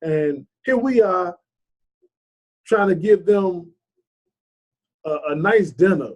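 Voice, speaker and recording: A man's voice: high-pitched, slow pace, darkish tone. A man giving a casual motivational talk, telling a rambling story in an earnest, preachy way with lots of "you know.". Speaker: motivational vlogger.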